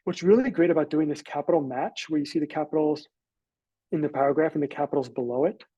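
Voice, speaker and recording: An American man explains things on a live webinar in a relaxed, rambling way, pausing on fillers and restarting his sentences. His voice sits a little higher than most men's, and it is mellow and slightly husky. The recording is dry and close, with no room sound. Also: dry recording, dull audio. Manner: casual, loose, filler-heavy explaining. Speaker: webinar presenter.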